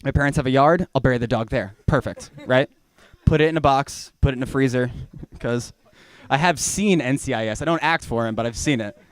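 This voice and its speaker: A man's voice: mid-range voice, a little fast, few pauses. A young man from Georgia doing a rambling, profane stand-up set in a small venue. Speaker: stand-up comedian.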